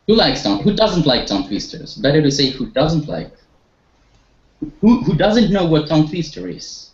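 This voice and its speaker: A man's voice: fairly high pitch, animated, moderate pace. A man teaching an online group English lesson, encouraging his students and leading them with questions, with some hesitations. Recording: echoey, dull online-call audio.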